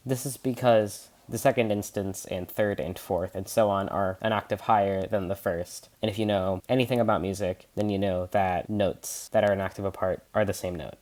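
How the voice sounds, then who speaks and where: A man's voice: fairly low pitch, a little mellow. A teenage boy presenting a scripted science lesson, earnest and explanatory, stumbling over a few words. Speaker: student presenter. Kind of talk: scripted educational narration.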